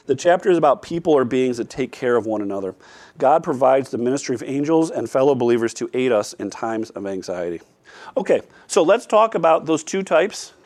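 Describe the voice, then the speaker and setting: A man's voice: mid-range voice, darkish tone. A man leading a Bible study class, talking loosely with frequent fillers and restarts as he draws answers from the group. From former math teacher. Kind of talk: leading a church group discussion.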